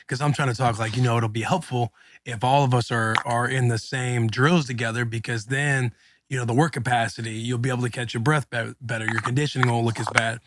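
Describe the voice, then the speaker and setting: A man's voice: medium pitch, fairly even intonation, fast, a bit bright. A man in his thirties co-hosting a podcast, telling a story in casual, slangy chat and acting out quotes. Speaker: podcast co-host, former NFL linebacker.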